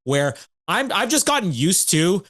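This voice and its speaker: A man's voice: sits high, big pitch swings, measured pace, fairly bright tone. Rambling man on a podcast. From Canada. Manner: rambling, restarts, thinks aloud. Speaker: podcast co-host. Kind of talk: casual podcast chat.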